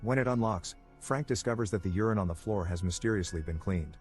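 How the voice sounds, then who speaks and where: Male narrator, lowish voice, wry delivery for scripted movie recaps over faint background music. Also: brisk. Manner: dry, wry asides.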